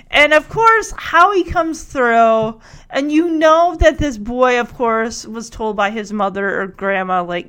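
Woman, high-pitched, casual and giggly episode recapper who acts out the dialogue. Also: fairly bright tone. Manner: chatty, giggly, acts out quotes in quick voices.

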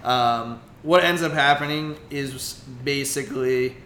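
A man co-hosting a podcast, casually recapping a comic book in a rambling, animated way. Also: mid-range voice, measured pace, roomy sound, slight background noise. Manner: rambling, animated retelling with acted-out quotes. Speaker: podcast co-host.

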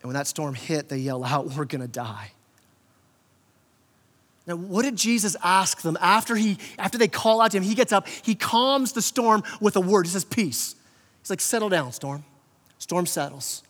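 A man's voice: sits high, lively intonation, moderate pace, hardly any pauses, a bit bright, big-room sound. A man preaching a conversational sermon as pastor, often repeating words and acting out quotes. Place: church hall.

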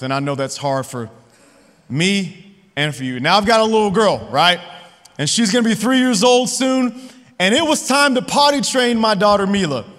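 A man's voice: high voice, fairly bright tone. A man in his thirties preaching a sermon, chatty and personal, often checking in with the crowd by asking "right?". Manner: conversational, often asks the audience "right?". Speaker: pastor. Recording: long hall reverb.

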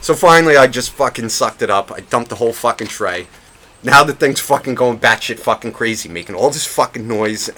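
A man's voice: medium pitch, a little fast. A man co-hosting a podcast, telling a rambling story full of swearing. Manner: profane, rambling, animated retelling. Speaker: podcast co-host. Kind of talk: casual storytelling.

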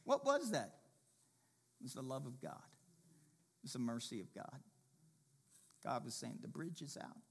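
A man preaching a sermon as pastor, swinging from impassioned loud passages to hushed, quiet ones. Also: mid-range voice, wildly swooping pitch, measured pace, gravelly, long pauses, breathy edge.

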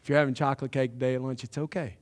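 A man preaching a sermon as pastor, emphatic and building to loud climaxes. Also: mid-range voice, flat delivery, very fast, long reverb tail. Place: church sanctuary.

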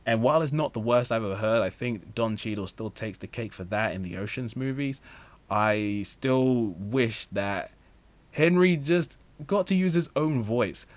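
A man's voice: mid-range voice, expressive, unhurried, dry recording. A man giving a casual, opinionated film review, talking freely with lots of "like" and "you know" fillers. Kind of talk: casual movie review monologue.

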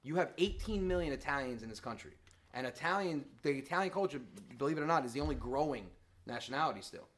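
A man, a comedian guest talking in a casual podcast chat, emphatic and animated. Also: on the high side, quick pace.

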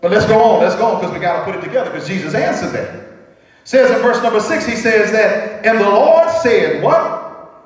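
High voiced preacher man, sing-song call-and-response, long hall reverb, sounds far off. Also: animated, brisk. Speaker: pastor.

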